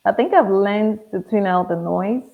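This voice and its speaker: A woman with a Nigerian accent, a pharmacist telling stories in a relaxed, wry interview manner, often acting out other people's lines. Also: mid-range voice, normal speed. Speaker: guest, pharmacist. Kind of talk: conversational interview storytelling. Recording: tinny, phone-like audio.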